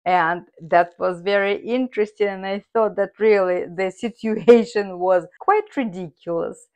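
Woman, language teacher, unhurried and careful, steady middle pitch. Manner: slow, careful explanations. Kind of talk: explaining words.

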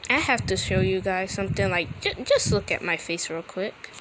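A woman's voice: medium pitch, animated, moderate pace, a bit bright, slight background noise. A woman hosting a casual reaction video, emphatic and exasperated as she talks back to what she watches.

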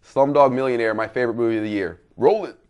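Fast, excited male co-host in a casual review chat. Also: medium pitch, heavy background noise. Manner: quick, animated, enthusiastic opinions.

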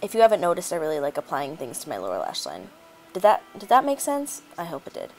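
A woman's voice: low-pitched, huge pitch swings, fast, a little mellow, slight background noise. A woman chatting casually as she narrates a makeup tutorial, rambling with lots of fillers. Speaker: beauty vlogger.

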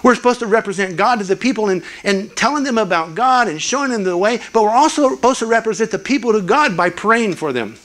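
A man's voice: high-pitched, quick pace, hardly any pauses. An older man giving a sermon as a guest preacher, telling stories earnestly and acting out the people he quotes. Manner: earnest storytelling, quotes people in lively voices. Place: church.

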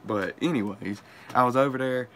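A man's voice: medium pitch, normal speed, fairly bright tone, a little hiss or hum. A young man, telling a crude, profane story in casual vlog chat and laughing often. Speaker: vlogger.

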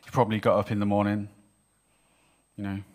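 A man with a low, deep voice preaches a sermon to his church. He tells the Bible story in an animated way and acts out the voices of the people in it. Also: fairly quick. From Wales. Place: church hall with congregation.

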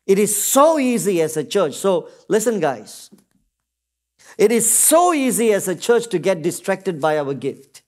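Man preaching a lively sermon. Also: high voice, unhurried. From Singapore. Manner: calls out to the congregation with repeated "Amen?" and acts out short quoted voices. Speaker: pastor.

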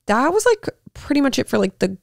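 A young woman co-hosting a podcast, telling a story in casual chat with lots of filler words and animated retelling. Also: sits high, fairly quick, gravelly, no room sound, clean studio sound. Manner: chatty, animated storytelling with many "like" fillers and laughs. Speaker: podcast co-host.

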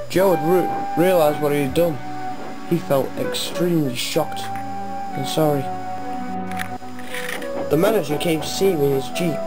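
A narrator reading a homemade storybook tale about engines, halting with occasional restarts. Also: medium pitch, over loud music, rough recording.

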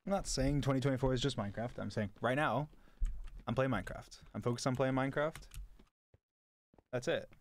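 A man's voice: mid-range voice, a little fast, long pauses. Offhand young man chatting on stream. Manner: blunt and offhand, heavy filler "like", sarcastic asides. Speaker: streamer answering chat. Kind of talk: casual live-stream chat.

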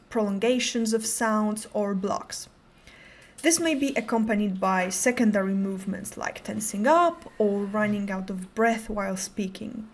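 A young woman with a fairly high voice presents a prepared conference talk. Her delivery is careful and controlled, with an occasional stutter on a sound or word. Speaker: conference speaker.

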